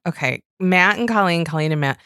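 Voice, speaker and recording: Woman co-host, casual podcast chat, animated and giggly, cusses, a little low, dry close sound. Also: brisk, smooth, dry recording. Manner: animated, giggly, swears freely. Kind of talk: casual chat about reality TV.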